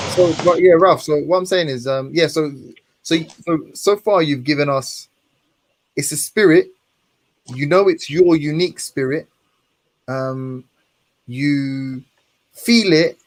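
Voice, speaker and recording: A man's voice: a little high, measured pace, pauses often. A man hosting a casual online debate, asking probing questions with many fillers.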